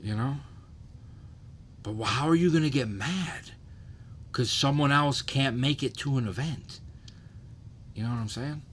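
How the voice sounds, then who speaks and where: Hosting a laid-back livestream, this man in his thirties swears freely and keeps asking "you know what I'm saying". He speaks in a mid-range voice, unhurried with long pauses, over slight background noise.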